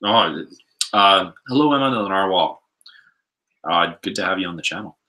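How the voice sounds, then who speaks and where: A man with a Canadian accent co-hosting a live stream, reading viewer comments and chatting in a relaxed, hesitant way. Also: low voice, normal speed, low-quality recording. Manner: easygoing, hesitant, lots of fillers.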